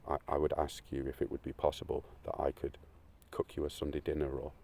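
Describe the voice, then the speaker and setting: A man with a very low, gravelly voice pours out a rambling, tearful monologue. He swears freely and lurches from loud bursts to hushed, almost whispered lines. Faint noise hangs behind him. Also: completely flat delivery, brisk. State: crying. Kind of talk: emotional unscripted monologue.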